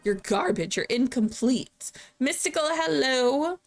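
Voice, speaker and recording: A woman's voice: sits high, animated, unhurried, faint music behind. Joking, sleepy young woman streamer. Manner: chatty, joking, laughs often, reads chat aloud. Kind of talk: casual live-stream game commentary.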